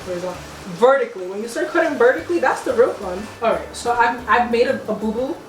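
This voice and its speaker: A young cooking vlogger talks fast and playfully to her viewers from her home kitchen, her voice on the high side with lively intonation and plenty of slang. Music plays, and the distant mic makes the room sound echoey.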